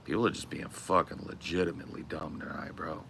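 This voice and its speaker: A man's voice: rumbling low, flat delivery, a little fast, vocal fry, fairly bright tone, slight background noise. Brash, trash-talking male streamer. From US West Coast. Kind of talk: casual livestream rant.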